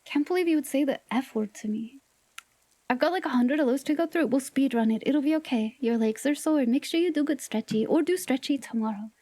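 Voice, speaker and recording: High-voiced playful woman streamer. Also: brisk, dark tone, no echo. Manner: playful and teasing, with dropped whispered asides. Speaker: livestreamer. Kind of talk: casual live-stream chat with viewers.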